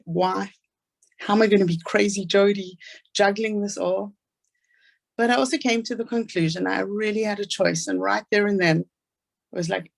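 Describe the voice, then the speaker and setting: Gravelly-voiced South African woman telling her story. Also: medium pitch. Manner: earnest storytelling, fast asides. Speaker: speaker. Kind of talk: inspirational personal talk.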